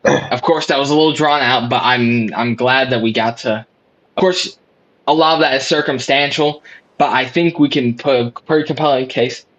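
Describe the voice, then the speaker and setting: A man's voice: medium pitch, moderate pace, a bit bright, highs cut off. A man acting as prosecutor in a mock trial among gaming friends, rambling and repeating "obviously" and "of course".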